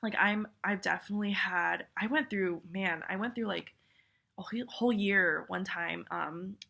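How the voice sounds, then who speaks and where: Young woman, sick and nasal, bright gravelly tone, chatty with lots of fillers and restarts, webcam message. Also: mid-range voice, normal speed. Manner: rambling, many fillers and restarts. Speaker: viewer sending a video message. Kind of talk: casual heartfelt video message. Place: at home on her bed. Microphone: photo booth webcam.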